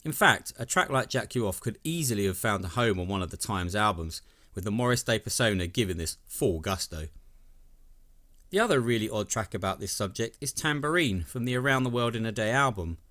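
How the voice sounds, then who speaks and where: A man reads a scripted narration for a video essay, his voice sitting a little low. He sounds enthusiastic, with a wry tone running through his commentary. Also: animated, brisk, bright, forceful tone.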